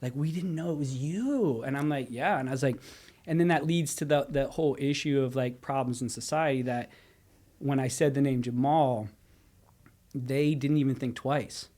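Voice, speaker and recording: Man, thirties, high school teacher, casual storytelling, mid-pitched voice, lively retelling. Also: normal speed. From Pennsylvania. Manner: storytelling, acts out students' voices. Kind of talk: casual podcast conversation.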